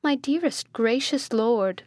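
A woman's voice: a little high, expressive, slow pace, a little mellow, no room sound, studio quality. A woman voicing an anxious, devoted noblewoman in a storybook reading, pleading and soothing.

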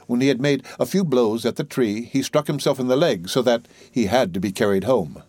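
A man's voice: mid-range voice, a little fast, darkish tone, no room sound. Man reading a fairy tale, dry sound. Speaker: narrator. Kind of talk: storybook reading.

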